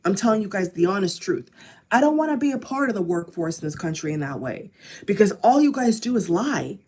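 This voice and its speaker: Speaking to camera, this woman from the United States delivers a furious political vlog, repeating phrases again and again. She has a mid-range, husky, darkish voice that swings widely in pitch and moves briskly.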